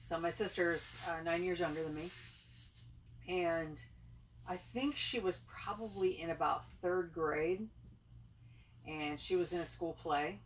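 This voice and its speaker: A woman's voice: lowish voice, unhurried, pauses often. A woman casually telling a funny family story to her co-host, laughing easily. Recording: distant mic with faint noise.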